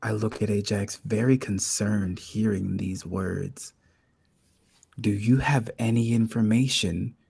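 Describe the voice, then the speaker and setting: A man's voice: lowish voice, fairly even intonation, slow, vocal fry, darkish tone, slightly rough. A man playing his character in a tabletop game, speaking earnestly and urgently. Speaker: player. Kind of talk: tabletop role-play.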